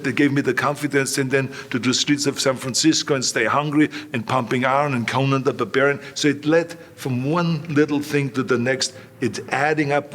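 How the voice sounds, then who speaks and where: A man in his sixties from Austria, with an Austrian accent, telling animated stories as an interview guest, acting out what others said. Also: medium pitch. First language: German. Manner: animated anecdotes with quoted voices. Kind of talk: storytelling interview.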